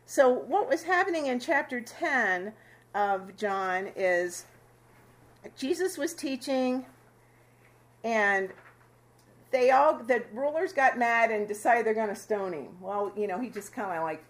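A woman casually teaching a Bible passage to a small fellowship group, chatty and quick to laugh with them. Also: on the high side, animated. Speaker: Bible study leader.

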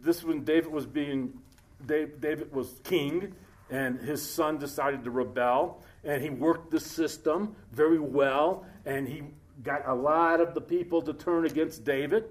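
A man preaching a sermon in a conversational, joking way, breaking off to read scripture aloud slowly. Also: on the high side. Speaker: pastor. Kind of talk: sermon, Bible study.

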